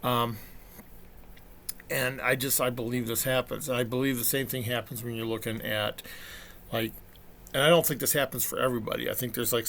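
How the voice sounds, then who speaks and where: Gravelly-voiced man rambling casually. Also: medium pitch, a bit bright, a little hiss or hum. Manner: chatty storyteller, acts out quotes. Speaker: vlogger.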